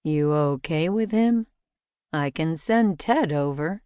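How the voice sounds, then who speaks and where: A woman's voice: deep voice, expressive, slow, mellow, smooth, no room sound, studio quality. Tired, protective lead mechanic, voiced by a woman. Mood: concerned. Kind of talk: audiobook character voice.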